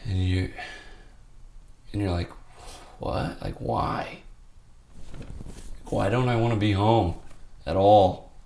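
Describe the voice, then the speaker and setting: A man's voice: lowish voice, takes it slowly, long pauses, mellow. A man speaking as an interview guest, telling a candid personal story in a rambling, heartfelt way full of fillers.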